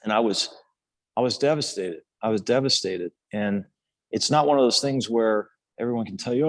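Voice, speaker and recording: An older man speaks on a podcast in a low, dry close-mic voice. He rambles earnestly through his story, restarting phrases and leaning on fillers as he goes. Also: normal speed, dry recording. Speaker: podcast guest, former national team player. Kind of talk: casual storytelling interview.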